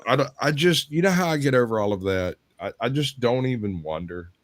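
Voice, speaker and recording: A man's voice: mid-range voice, animated, brisk, noisy background. A man with a Southern US accent, chatting casually and telling long stories as a co-host. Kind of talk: casual chat.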